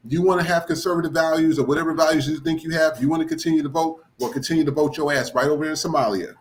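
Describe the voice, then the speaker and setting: A man hosting a live podcast, talking emphatically and repeating himself when worked up. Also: fairly high pitch. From United States. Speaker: podcast host.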